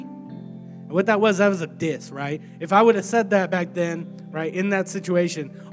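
A young man with a high, light voice preaches a sermon with lively energy, now and then acting out gasping, strained voices. Guitar music plays clearly beneath his words. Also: normal speed. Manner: animated, acts out strained voices. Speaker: young adults pastor.

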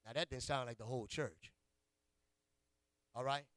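A man's voice: mid-range voice, steady tone, moderate pace, a bit bright, no echo. A male pastor preaching a sermon in a church, calling out to his congregation in a rhythmic call-and-response style and teasing them in a folksy, playful way. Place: church sanctuary.

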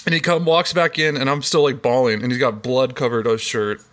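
A man co-hosting a casual podcast, telling a childhood story with lively acted-out moments. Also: mid-range voice, fairly quick. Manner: animated storyteller, acts out voices in the telling. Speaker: podcast co-host.

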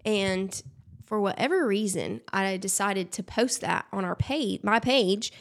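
A woman's voice: medium pitch, unhurried. A woman from Alabama with a Southern accent, telling stories in a casual interview. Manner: expressive, animated storytelling with laughs. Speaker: guest.

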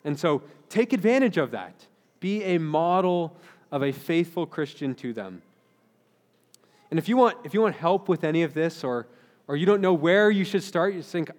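A man's voice: on the high side, animated, moderate pace. A man in his thirties, a pastor giving an earnest, conversational sermon with frequent restarts. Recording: long hall reverb.

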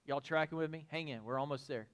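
Animated pastor preaching, high voice. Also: male voice, quick pace, clean tone. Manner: animated, builds to excited shouts, folksy asides. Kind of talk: expository sermon.

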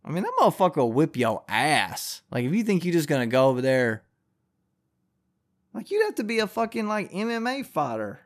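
A man's voice: a little high, sing-song, fairly quick. A man hosting a podcast in a casual, rambling rant, swearing constantly and filling his talk with "like". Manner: profane, rambling, heavy use of filler "like". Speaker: podcast host.

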